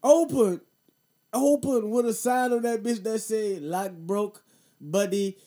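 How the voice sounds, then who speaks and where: Man, thirties, casual host, profane slang, mellow tone, higher pitch. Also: a little slow. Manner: profane, animated storytelling, slangy. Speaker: podcast host. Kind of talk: casual storytelling and commentary.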